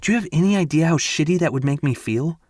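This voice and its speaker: A flustered young woman in an audiobook, snapping and pleading in a raised, lifted register, as a man puts her on. Her words come quick and tight, exasperated and defensive. The recording is dry and close. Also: fairly high pitch, expressive, a little mellow, no echo, voice pushed up. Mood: distressed. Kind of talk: audiobook character voice.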